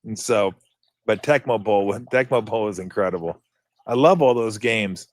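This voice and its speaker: A man's voice: fairly low pitch, moderate pace, dry recording. A man in his fifties hosting a casual sports radio show, telling stories and imitating toy game beeps and buzzes. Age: 50s. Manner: animated storytelling, mimics game sound effects.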